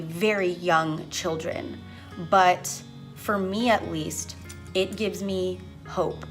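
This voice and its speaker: A young woman teacher speaks to her vlog audience slowly and with deliberate pauses, in a voice pitched a little low. She is earnest and emotional, close to tears but holding on. Soft music plays faintly behind her. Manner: earnest, impassioned, slow-spoken. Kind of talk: reflective vlog talk.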